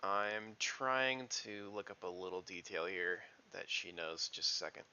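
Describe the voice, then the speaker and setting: A man running a tabletop game as game master, relaxed and checking the rules aloud. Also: low voice, unhurried, smooth, dull audio. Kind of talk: casual tabletop play.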